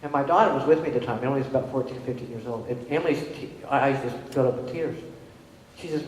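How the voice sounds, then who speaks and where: A middle-aged woman giving a storytelling presentation on disability inclusion, animated and acting out the people she quotes. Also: very deep voice, fast, a little hiss or hum. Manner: animated, acts out dialogue in quoted voices. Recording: echoey hall.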